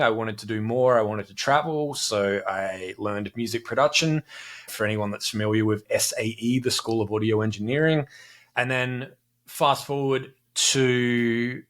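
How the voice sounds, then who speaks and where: An Australian man in his forties, a podcast guest who tells his story in a brisk, matter-of-fact way. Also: medium pitch, fairly bright tone. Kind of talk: casual interview chat.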